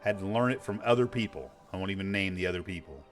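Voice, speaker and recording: Man, forties, low-pitched, blunt and profane, rambling chat, faint music behind. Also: fast. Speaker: streamer. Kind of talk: casual chat while gaming.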